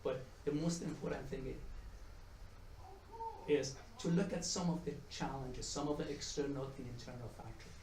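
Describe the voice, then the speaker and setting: A man's voice: medium pitch, moderate pace, distant mic, noisy background. Man lecturing in an echoey hall. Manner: chatty, repeats and restarts words, tells jokes. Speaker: economics professor giving a talk. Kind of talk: conference presentation. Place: conference room with audience. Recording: echoey room, mic from afar.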